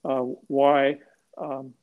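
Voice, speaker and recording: A man's voice: mid-range voice, completely flat delivery, extremely slow, smooth, phone-quality sound. An older man, a retired police sergeant, telling stories bluntly and with profanity in an interview. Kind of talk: animated storytelling interview.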